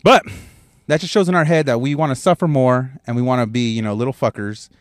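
Speaking fast in a steady, medium-pitched voice, a man records his casual solo podcast in his car parked at a gas station, using a handheld mic and headphones. His storytelling is rambling and full of profanity, and the sound is dry and clean, like a studio.

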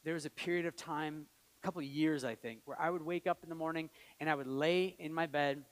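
A man's voice: on the high side, fairly quick, fairly bright tone. A man preaching a sermon as pastor, earnest and building to emphatic peaks, with light laughs between points. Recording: long hall reverb.

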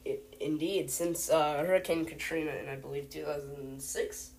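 A woman's voice: deep voice, steady tone, normal speed, darkish tone, slight background noise. A young woman hosting a homemade mock news show, rambling and hesitant, full of fillers. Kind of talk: playful mock newscast.

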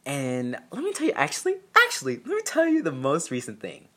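A man's voice: on the high side, wildly swooping pitch, brisk. A young man casually telling a personal story, candid and profane with self-mocking humor.

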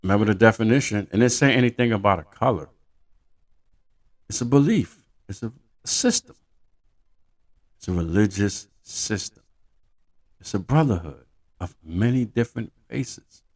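Gravelly low-voiced man ranting casually. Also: normal speed, pauses often. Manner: profane, animated storytelling. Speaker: podcast host. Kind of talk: casual monologue.

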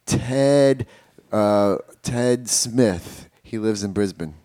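A man's voice: on the low side, extremely slow, dark tone, no room sound. A young man in crude, casual banter with friends, throwing in dry quips.

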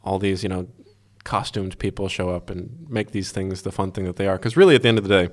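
A man co-hosting a casual podcast, talking in quick, animated rambles with lots of "like". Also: low voice. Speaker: podcast co-host, magazine writer. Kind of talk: casual chat.

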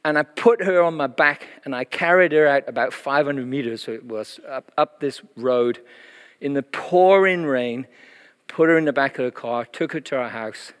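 A middle-aged man, preaching a sermon as a lively, chatty testimony story, full of fillers and frequent laughter. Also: mid-range voice, moderate pace, clear, resonant tone. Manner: animated, chatty, laughs often, many fillers. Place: church hall. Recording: long reverb in a church hall.

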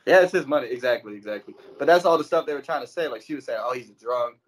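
A man's voice: a little high, expressive, racing, rough recording. A young man co-hosting a podcast, talking bluntly and swearing in casual chat. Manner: blunt, swearing, asks questions. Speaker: podcast co-host.

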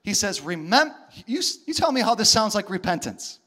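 A man preaching a sermon as a pastor, animated, acting out voices when he quotes. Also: high-pitched, normal speed, hardly any pauses.

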